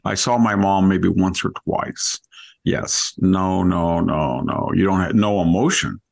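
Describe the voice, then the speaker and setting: A man's voice: low-pitched, unhurried, vocal fry, darkish tone. A man hosting a podcast, telling rambling anecdotes in casual conversation and often breaking off mid-word. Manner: rambling anecdotes, self-interrupting. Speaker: podcast host.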